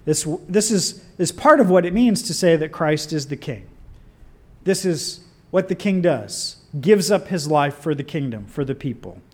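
A man preaching a sermon in an animated, conversational way with wry asides. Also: a little high, a little slow.

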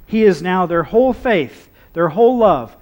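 A man's voice: high voice, expressive, moderate pace. A man preaching a conversational sermon with humorous asides.

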